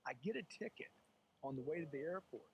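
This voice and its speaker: A man speaking as a guest in an interview. He is emphatic and animated, acts out quoted voices, and calls the listener "dude.". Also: a little high, fairly quick, lo-fi sound. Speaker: sales author and guest. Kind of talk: animated motivational interview talk.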